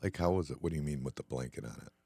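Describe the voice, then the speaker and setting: A man's voice: very deep voice, very fast, warm tone, breathy edge, no room sound. A man co-hosting a casual bar-talk podcast, reacting to a story with teasing disbelief. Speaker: podcast co-host.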